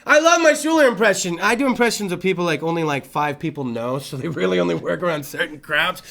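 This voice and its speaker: A man hosting a casual late-night talk show, loud and profane, swinging between yelling and muttering. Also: on the high side, lively intonation, fast talker, vocal fry. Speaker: host.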